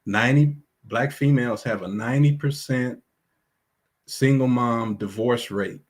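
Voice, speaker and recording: A man's voice: medium pitch, unhurried. A man on a livestream panel, making emphatic, slogan-like declarations. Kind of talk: heated livestream talk.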